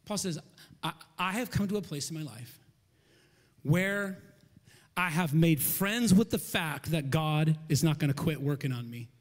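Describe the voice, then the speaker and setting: A man preaching a sermon in a high, ringing voice, piling up repeated phrases and swinging between loud emphasis and hushed near-whispers. His words hang in the long reverb of a large church auditorium. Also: lively intonation, a little slow. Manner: repeats phrases in rhythmic lists. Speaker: pastor.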